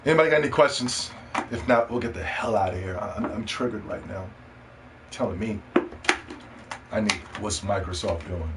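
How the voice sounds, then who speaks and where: A man hosting a casual gaming podcast, ranting in an animated, profane way and mocking others in put-on voices. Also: lowish voice, normal speed, long pauses, very noisy. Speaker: podcast host.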